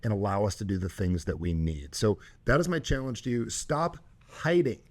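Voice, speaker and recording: A man hosting a show and coaching a caller, talking emphatically with loud, high bursts. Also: lively intonation, a little fast. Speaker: host and coach.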